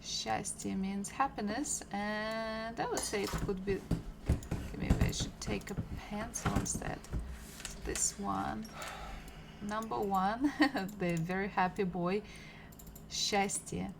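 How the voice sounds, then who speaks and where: A woman teaching Russian in a live-streamed lesson, who repeats each word slowly and patiently and chats with her viewers between words. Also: medium pitch, steady tone, vocal fry, very noisy. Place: home.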